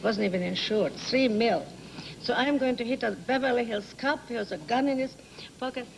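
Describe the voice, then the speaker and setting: Older Hungarian-accented woman, talk show guest; gravelly, dramatic, broken English; faint noise. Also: fairly high pitch, moderate pace, rough recording. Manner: theatrical, laughing storyteller with broken English phrasing. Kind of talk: animated anecdote telling. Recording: 1980s TV studio audio with background noise.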